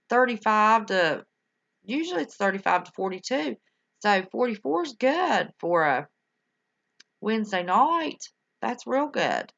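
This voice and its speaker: An older woman with a medium-pitched, gravelly, fairly bright voice hosts a livestream, chatting casually with her viewers. She's folksy and affectionate, calling them honey and y'all, over dull lo-fi home stream audio.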